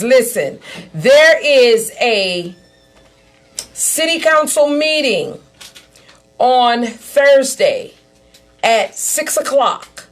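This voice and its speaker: A woman hosting a live-streamed podcast, chatty, calling listeners "y'all" and repeating points for emphasis. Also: high-pitched. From Savannah, Georgia. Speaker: podcast host. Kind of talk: casual live-streamed talk show.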